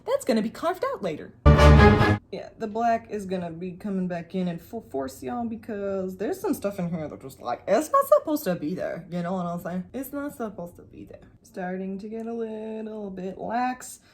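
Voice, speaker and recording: A young woman talks through her painting in a relaxed, chatty way. She teases herself and drifts into playful asides. Her tone stays easygoing, like a teacher passing on tips. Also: mid-range voice, normal speed, hardly any pauses, over music. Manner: chatty, jokey, self-teasing asides. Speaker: painting vlogger; math teacher. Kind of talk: casual chat while painting.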